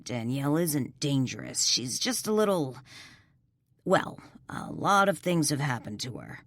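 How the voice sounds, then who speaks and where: A tired police officer talks calmly and patiently, read by a woman narrator. The voice sits low and the sound is dry. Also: a little slow, no echo, full character voice. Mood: weary. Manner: calm, sighing, level. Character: weary middle-aged male police officer, patient.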